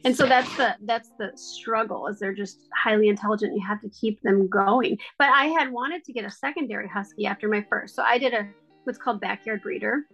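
A woman talking in a casual chat, chatty and animated with lots of fillers. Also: medium pitch, a little fast, creaky, soft background music.

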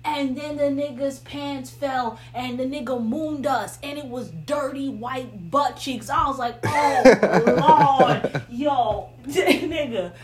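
A woman's voice: sits high, slow, few pauses. A woman telling funny stories in casual, slangy chat, laughing often.

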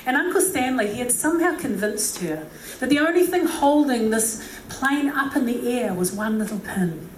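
A woman delivers a humorous sermon in a chatty, joking way, full of asides. Her voice sits somewhat high and echoes around the room from a distant mic, with faint background ambience. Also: expressive, normal speed, slight background noise. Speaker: preacher.

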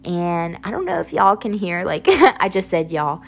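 A woman's voice: on the low side, big pitch swings, moderate pace, a little hiss or hum. A young woman hosting a casual solo podcast, chatty and rambling, laughing often, with a slight picked-up Southern twang. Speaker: podcast host.

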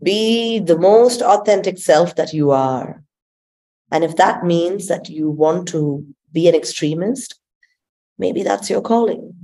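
A woman speaking as a guest transformation coach in a spiritual conversation, expressive and often laughing as she tells stories. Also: lowish voice, slow pace. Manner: expressive storyteller, laughs often and acts out quotes.

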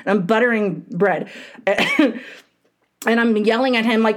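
A woman in her thirties co-hosting a casual podcast. She tells stories in a blunt, profane, animated way, with her voice jumping up in loud bursts. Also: on the high side, moderate pace. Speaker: podcast co-host. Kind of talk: casual chat.

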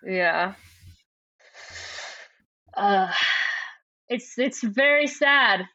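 A woman's voice: mid-range voice, animated, very slow, pushed and bright, no room sound. A woman co-hosting a podcast, chatting casually and laughing as she reads book passages aloud, heard over a lo-fi remote line. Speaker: podcast co-host. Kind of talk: casual book-club chat. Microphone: remote call microphone. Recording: muffled lo-fi remote line, dry.

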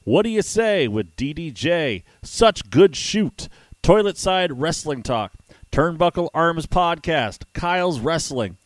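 A man hosting a wrestling podcast and chatting casually, rambling quickly with self-deprecating asides. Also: on the high side, lively intonation, no room sound. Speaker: podcast host and wrestling ring announcer.

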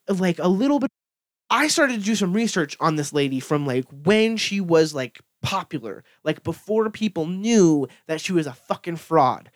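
A man's voice: high-pitched, no echo, studio quality. A young man ranting casually, full of fillers and swearing. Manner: profane, filler-heavy, excitable storytelling. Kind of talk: casual rant.

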